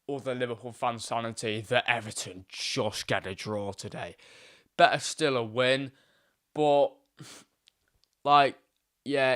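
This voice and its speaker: A young man hosting a live football stream, chatting casually and excitedly, rambling and swearing freely. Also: mid-range voice, dry recording, clean studio sound. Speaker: livestream host.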